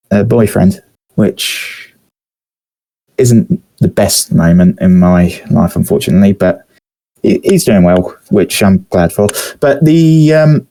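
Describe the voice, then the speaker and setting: Casual British male podcast host, young, mellow and relaxed tone, meandering delivery full of "uh"s and restarts. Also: fairly low pitch. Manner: rambling, hesitant, many pauses and fillers. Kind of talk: casual storytelling chat.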